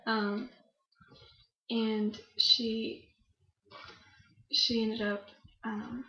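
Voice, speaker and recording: A young woman chats through her story with a fairly high voice, laughing often and leaning on fillers. The sound is roomy with echo, and a little dull and muffled. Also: level tone, drawn-out words, pushed and bright. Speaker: guest. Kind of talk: casual storytelling in an interview.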